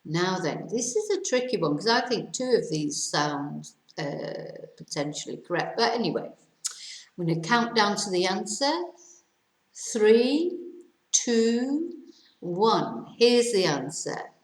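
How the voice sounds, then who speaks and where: A British woman teaching English, reading quiz sentences aloud slowly and carefully with countdowns. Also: mid-range voice, big pitch swings, reverberant, low-quality recording. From Britain. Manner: careful slow dictation with countdowns.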